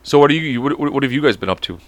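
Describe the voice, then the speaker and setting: A man's voice: medium pitch, animated, very fast, no room sound. A man with an American accent hosting a comedy podcast, reading aloud with stumbles, swearing a lot and drifting off topic. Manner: profane, goofy, drifts off topic, puts on silly voices; stumbles over words while reading. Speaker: podcast host. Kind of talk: rambling comedic podcast monologue.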